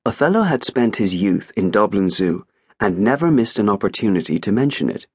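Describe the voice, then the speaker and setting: A man narrating an audiobook in an expressive, wry storytelling manner. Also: fairly low pitch, moderate pace, husky, no echo, clean studio sound. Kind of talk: scripted narration.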